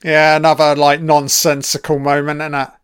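A man's voice: fairly high pitch, monotone, moderate pace, a bit bright, clean tone, no echo, studio quality. A man giving casual, sweary film commentary, sardonic and mocking.

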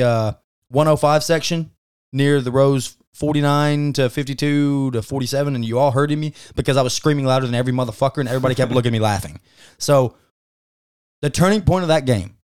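A man's voice: medium pitch, fairly quick, a little mellow, clear, resonant tone. Fired-up, foul-mouthed man talking sports. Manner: emphatic, profane, fired-up opinions. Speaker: podcast co-host. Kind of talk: casual sports chat.

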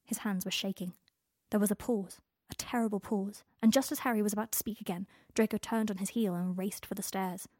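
A woman narrating a story aloud in an expressive reading voice. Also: medium pitch, brisk, no room sound, studio quality. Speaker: audiobook reader.

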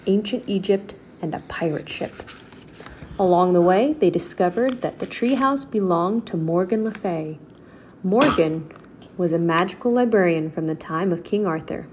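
A woman reads a children's chapter book aloud in a steady, clear voice. Her pitch sits in a comfortable middle range. A faint hiss stays in the background. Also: normal speed. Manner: steady, clear storybook narration. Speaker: storyteller.

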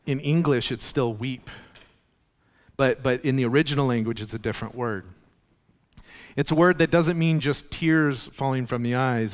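A man preaches an earnest, animated sermon, his voice pitched in an ordinary middle range. He drives his points home by repeating them. The sound carries a long reverb from a large church hall. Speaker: pastor.

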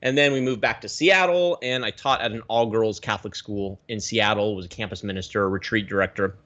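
A man in his thirties from the Pacific Northwest, a guest telling his story in a casual interview with lively swings of pitch. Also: a little fast, highs cut off. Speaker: guest, reef aquarium YouTuber.

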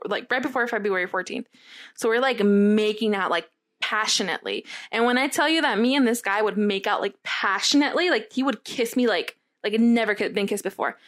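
A woman's voice: mid-range voice, a bit bright. A young woman co-hosting a casual chat, telling a long story in a rambling way with many fillers and quoted lines. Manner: rambling, filler-heavy, quotes others a lot. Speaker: podcast co-host.

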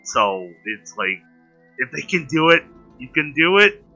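A man's voice: on the high side, big pitch swings, unhurried, sharp tone, highs cut off, soft background music. A man chatting casually on a podcast, stumbling over his words with many fillers.

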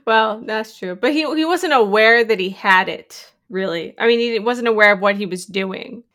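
A woman's voice: moderate pace, a bit bright. A woman co-hosting a podcast, chatting casually about a film and laughing often. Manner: chatty, laughs often, jumps into high voices for quotes. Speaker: podcast co-host.

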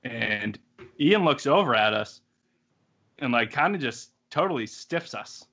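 A man's voice: medium pitch, lively intonation, measured pace, fairly bright tone. A young man co-hosting a podcast, laid-back and casual, with lots of likes and ums. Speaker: podcast co-host. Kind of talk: casual chat. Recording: dull lo-fi podcast audio.

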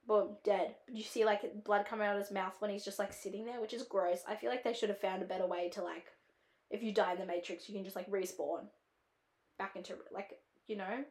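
A woman's voice: medium pitch, steady tone, fairly quick, roomy sound. An Australian woman hosting a casual film-review podcast, rambling with lots of "like" and wandering off on tangents. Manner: rambling, heavy use of "like", drifts into tangents. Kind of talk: casual chat.

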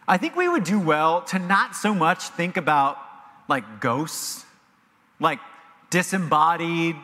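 A man preaching a sermon as pastor, animated and emphatic, in a church sanctuary with long reverb. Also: on the high side, takes it slowly. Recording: long reverb of a large hall.

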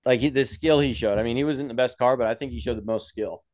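A young man co-hosting a casual motorsport podcast, animated and quick to swear and laugh. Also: mid-range voice. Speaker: podcast co-host. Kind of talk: casual chat.

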